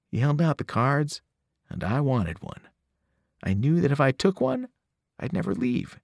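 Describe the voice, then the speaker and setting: A male teacher reads a children's novel aloud in an audiobook style. His delivery is lively and expressive, with plenty of pitch movement, and the recording is dry and close. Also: a little slow, gravelly, pauses often, no room sound. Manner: expressive storytelling, varied pitch.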